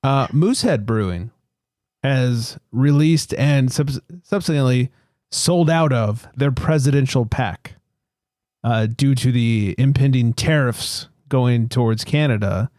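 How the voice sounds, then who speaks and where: A man's voice: medium pitch, slow, a little mellow, no room sound, clean studio sound. A man hosting a beer podcast, reading news items in a laid-back, joking way and swearing casually.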